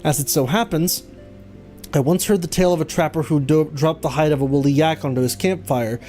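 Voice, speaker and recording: A streamer voicing an earnest young male noble in a video game, in a formal, measured way. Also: mid-range voice, dark tone, faint music behind, natural voice.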